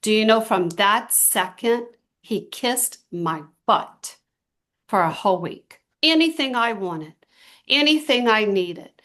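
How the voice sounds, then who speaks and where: A middle-aged woman giving a motivational talk to a small group, telling stories with emphatic, drawn-out stresses. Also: mid-range voice, lively intonation, a bit bright. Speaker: team trainer.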